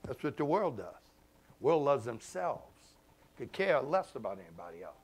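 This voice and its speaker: A man, a pastor preaching a sermon in a conversational way, swinging between loud emphasis and hushed asides. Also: mid-range voice, big pitch swings, moderate pace, husky. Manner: conversational, informal grammar and repeated phrases.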